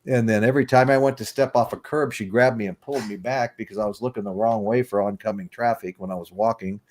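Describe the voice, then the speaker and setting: Speaking quickly with fairly even intonation, the livestream podcast host, an American man in his sixties, has a lowish, darkish voice. He keeps things casual, rambling through stories, chuckling, and greeting his chat viewers.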